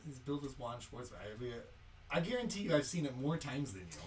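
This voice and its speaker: A man ribs his co-host on a podcast in a dry, insistent way. His pitch moves a lot as he talks. He sounds set back from the microphone, with faint noise behind him. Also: very animated, fast. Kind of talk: casual chat. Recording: distant mic with faint noise.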